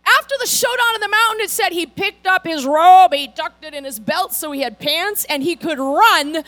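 High-voiced woman preaching a lively sermon. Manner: animated storytelling, acts out characters' lines. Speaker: pastor.

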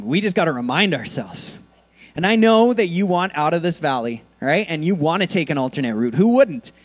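A man preaching a sermon in a conversational, animated way, with lots of casual fillers. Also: a little high, a little fast. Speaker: pastor.

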